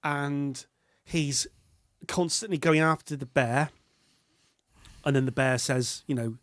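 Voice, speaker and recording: A man's voice: medium pitch, slow, pauses often, fairly bright tone, no echo. Rambling British man, dry close sound. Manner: rambling, self-interrupting storyteller. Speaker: podcast co-host. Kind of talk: casual film chat.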